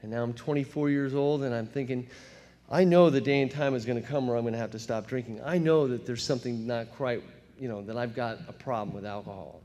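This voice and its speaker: A man's voice: mid-range voice, dark tone. A man in his fifties telling his story in a big hall. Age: 50s. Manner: storytelling, acts out his younger self in quick voices, laughs at himself. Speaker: recovery meeting speaker. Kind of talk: personal testimony talk. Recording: long hall reverb.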